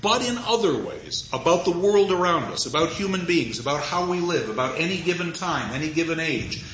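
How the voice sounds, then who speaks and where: Measured, thoughtful man lecturing on poetry. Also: fairly high pitch, expressive, fairly bright tone, echoey room, highs cut off, slight background noise. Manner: measured, thoughtful, with deliberate pauses and slowed emphasis. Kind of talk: reflective spoken lecture.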